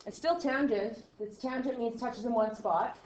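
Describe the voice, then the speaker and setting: A woman teaching a math class, counting steps out loud, trailing off quietly, and checking in with "right?". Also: a little high, moderate pace. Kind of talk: classroom lecture. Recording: roomy classroom sound, slightly dull.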